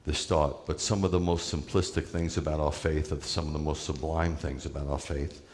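Deep-voiced rabbi preaching in a hall. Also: male voice, little pitch movement, normal speed, darkish tone. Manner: conversational, emphatic preaching with asides to the congregation. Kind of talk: sermon.

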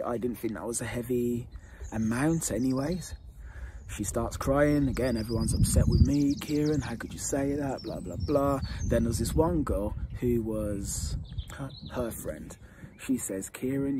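A man working as a dating coach, telling his own story to camera in a candid, earnest way. He repeats phrases for emphasis and sometimes drops to a hushed tone. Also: medium pitch, background noise.

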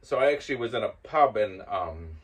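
An older man hosting and casually telling a story, growing loud and laughing as it builds. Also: fairly low pitch, expressive, a little fast. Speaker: host.

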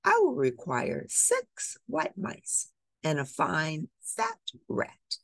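A woman voicing a kind, plump little fairy godmother in a storybook, gentle and a bit fussy. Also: lowish voice, wildly swooping pitch, drawn-out words, gravelly, dry recording, voice pushed up, exaggerated voice. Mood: kindly.

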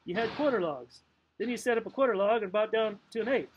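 A man reads a novel aloud in a loose, playful style, stumbling occasionally and tossing in asides, like a casual audiobook narration. His voice is high-pitched and fast. The highs are cut off and there's slight background noise.

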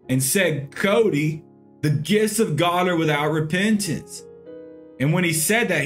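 A man, a pastor, teaching a Bible lesson in an earnest, conversational way. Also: mid-range voice. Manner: earnest, conversational, with frequent "you know".

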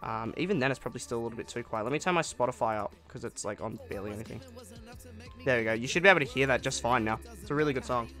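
Very fast and sharp-toned at medium pitch, a young man chats casually with viewers during a live game stream, replying cheerfully to their comments. Faint music sits underneath.

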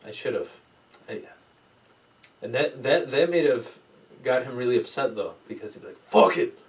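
A man hosting a casual podcast, telling a rambling story, swearing often and acting out the quotes with lively voices. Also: mid-range voice, normal speed, distant mic, rough recording. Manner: rambling storyteller, swears a lot, animated quoting. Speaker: podcast host. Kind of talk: casual chat.

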